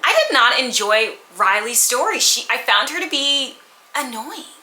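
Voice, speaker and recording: A woman casually reviewing books at home, candid and animated, sometimes acting out characters' lines. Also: fairly high pitch, a little slow, reverberant, rough recording. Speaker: book vlogger. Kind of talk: casual chatty book review. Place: at home with a purring cat nearby.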